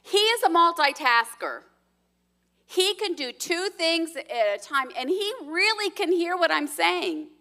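A woman's voice: very high-pitched, very animated, measured pace, sharp tone. A middle-aged woman sharing earnestly and personally in a sermon alongside her husband. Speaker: pastor's wife, co-speaker.

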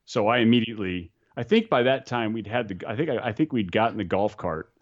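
A man casually telling skydiving stories, animated and swearing, often restarting and mimicking other people. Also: lowish voice, quick pace, lo-fi sound. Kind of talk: casual storytelling.

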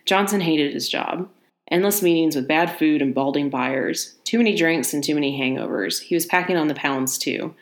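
A woman reading a short story aloud in a relaxed manner. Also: low voice, normal speed. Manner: relaxed, laughs easily between passages.

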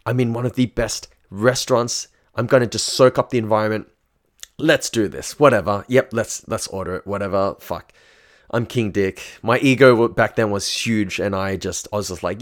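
A man's voice: medium pitch, animated, moderate pace. A young man telling a personal story in a loose, chatty, profane way. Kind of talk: casual storytelling.

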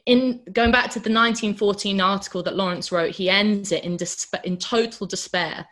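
A woman's voice: medium pitch, steady tone, moderate pace, a bit bright. A woman giving an informal literature lecture, talking through a novel with fillers and reading quoted passages aloud with rising force.

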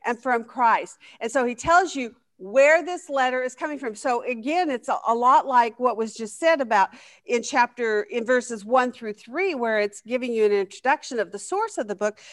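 A woman's voice: on the high side, lively intonation, normal speed. A woman leading a Bible study lesson, asking the class questions and reacting with enthusiasm.

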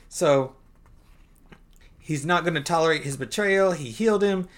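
A man's voice: fairly high pitch, unhurried. A man co-hosting a podcast, chatting casually through a comic book recap and often laughing. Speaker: podcast co-host.

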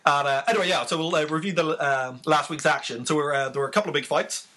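A man co-hosting a laid-back podcast, his voice bright and edged with huskiness. He talks in a relaxed ramble full of fillers, and sits a little higher than most men. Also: quick pace. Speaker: podcast co-host. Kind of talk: casual chat.

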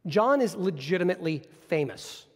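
High-voiced male pastor preaching. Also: lively intonation, moderate pace, husky. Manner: earnest, explanatory preaching with frequent restarts. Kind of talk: sermon. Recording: long reverb of a large hall.

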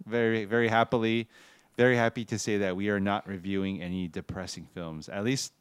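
A man hosting a casual film podcast, upbeat and quick to laugh. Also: lowish voice, fairly even intonation, clean tone, no room sound. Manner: upbeat, laughs easily, reads out show plugs. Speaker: podcast host.

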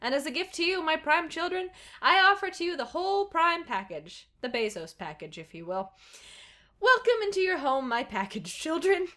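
Woman doing a pompous maniac billionaire guy, big and shouty, bright tone. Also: sits high, very animated, normal speed, pitched above the performer's own voice, full character voice. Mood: smarmy address. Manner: bellowing, grandiose.

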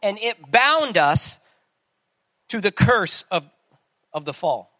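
A man's voice: high voice, very animated, slow, sharp tone, no room sound. A man preaching a sermon in a conversational way, asking the listeners questions as he goes. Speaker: pastor.

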